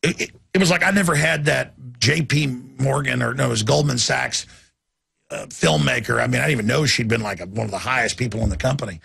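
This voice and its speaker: A middle-aged man with a heavily gravelly, husky voice delivers an impassioned talk-radio rant as host. He talks intensely and keeps slipping into acted-out voices. The sound is close and dry. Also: mid-range voice, fast, pushed and bright, no echo.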